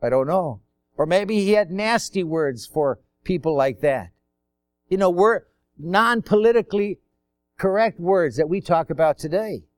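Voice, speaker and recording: A man with a high, smooth voice preaches a sermon. He keeps it conversational, asking rhetorical questions and acting out the quotes he tells. The sound is dry and close. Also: animated, a little slow, dry recording.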